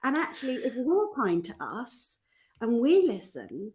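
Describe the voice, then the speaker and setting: A middle-aged woman, chatting on a podcast with a slightly high voice. She talks in an animated way, slipping into little voices for the people she quotes. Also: a little slow. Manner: animated, acts out voices in quotes, laughs often. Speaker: host and life coach. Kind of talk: casual podcast conversation.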